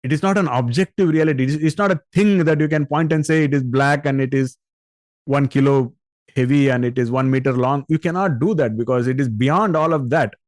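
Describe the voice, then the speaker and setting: A man's voice: mid-range voice, fairly quick, dry recording. Patient male spiritual teacher, dry sound. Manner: patient, explanatory, with rhetorical questions to listeners. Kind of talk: spiritual discourse on scripture.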